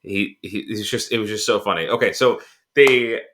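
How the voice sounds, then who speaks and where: A man's voice: lowish voice, normal speed, a bit bright. A man co-hosting a podcast in casual chat, rambling with many fillers and restarts and laughing as he retells film scenes. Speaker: podcast co-host.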